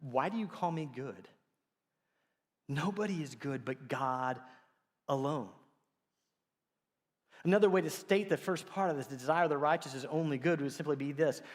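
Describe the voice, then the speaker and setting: Animated pastor preaching in a reverberant church. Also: male voice, fairly high pitch, normal speed, pauses often. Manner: animated storytelling, acts out quotes. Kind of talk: sermon. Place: church sanctuary.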